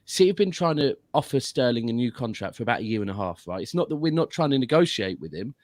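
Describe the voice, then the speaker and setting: A man's voice: medium pitch, expressive, fast talker, a little mellow, no echo. A man as a guest pundit giving casual football analysis, explaining at length with frequent restarts. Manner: explanatory, long runs of reasoning with restarts.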